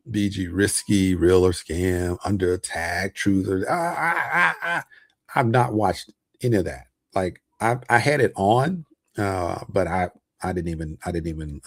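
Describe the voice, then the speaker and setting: A man's voice: sits low, vocal fry, darkish tone, slightly rough, no room sound, clean studio sound. A man hosting a casual livestream about investments, loose and chatty with lots of fillers and frequent chuckles. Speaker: online host talking about investments.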